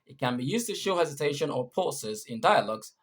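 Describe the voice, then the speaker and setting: A man's voice: medium pitch, expressive, brisk. A man teaching English punctuation, patiently repeating and rephrasing each point. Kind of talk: explaining punctuation rules.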